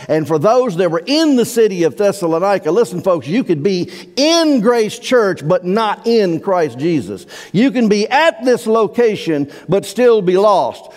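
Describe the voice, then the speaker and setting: A man's voice: high voice, a little mellow. A man preaching a sermon as pastor, earnest and emphatic, drawing out key words. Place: church sanctuary. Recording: long reverb of a church hall.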